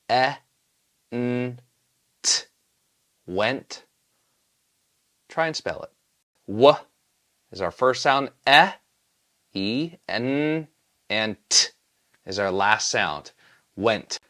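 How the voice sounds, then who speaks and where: A teacher walks young learners through a spelling lesson. The pace is unhurried, with each sound drawn out patiently. The pitch rises and falls in a lively, sing-song way. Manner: sounds out letters slowly and patiently. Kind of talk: phonics lesson.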